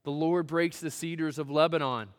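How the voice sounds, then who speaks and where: Preaching in a church sanctuary, a male pastor speaks in a smooth, resonant voice pitched slightly high for a man, at a normal pace with fairly even intonation. He climbs to loud, emphatic peaks, then sinks to a hushed, near-whisper, and a long reverb lingers after his words.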